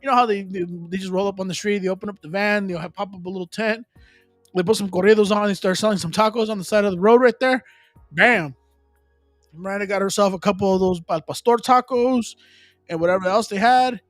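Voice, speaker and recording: A man's voice: sits high, a little fast, dry recording, soft background music. A man, chatting casually as a live stream host, rambling loosely with slang and Spanish asides. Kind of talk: casual chat.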